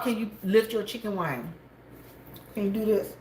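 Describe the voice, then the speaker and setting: A talkative woman gossiping and laughing between loud teasing calls to a coworker. Her voice sits in a middling register and bounces around a hard, echoey room. A faint hum of background noise runs beneath her. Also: mid-range voice, normal speed, long pauses. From South Carolina, USA. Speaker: vlogger. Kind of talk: casual chat to viewers. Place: inside a gas station store, at work.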